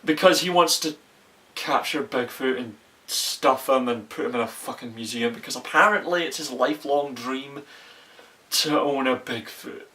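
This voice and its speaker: A young man rants through a movie review in a loose, rambling way, swearing often and restarting his sentences. His voice sits at a middling pitch and sounds a bit far from the microphone. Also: moderate pace, bright, forceful tone. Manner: profane, exasperated, rambling with restarts. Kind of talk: casual ranting movie review.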